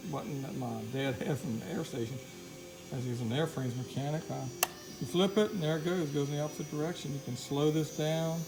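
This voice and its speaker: Folksy, excitable man with a slightly high voice, filming his workshop gear on a handheld camera; music and mains hum behind him. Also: low-quality recording. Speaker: DIY builder showing his project. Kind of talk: casual workshop demo vlog. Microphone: handheld camera mic.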